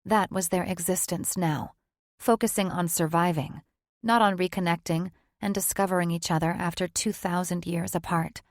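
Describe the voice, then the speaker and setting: Female narrator for a romance audiobook, even pacing, dry studio, lower register. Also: normal speed, no echo. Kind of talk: scripted narration.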